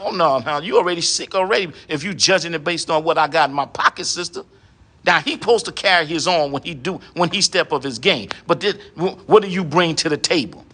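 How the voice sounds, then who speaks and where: Bright-voiced man lecturing with rhetorical questions. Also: sits high, animated, brisk. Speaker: online commentator addressing women. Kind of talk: preachy monologue.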